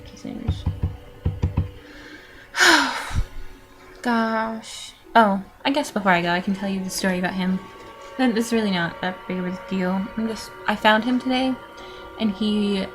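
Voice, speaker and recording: Rambling nineteen-year-old woman vlogger. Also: medium pitch. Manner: rambling, with frequent fillers, laughs and sighs. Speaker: vlogger answering follower questions. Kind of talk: casual rambling Q&A vlog.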